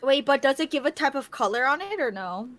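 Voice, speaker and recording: A woman's voice: high voice, animated, a little fast, a bit bright. A young woman co-hosting a casual livestream podcast, chatting, laughing often and reading viewer comments aloud. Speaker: podcast co-host.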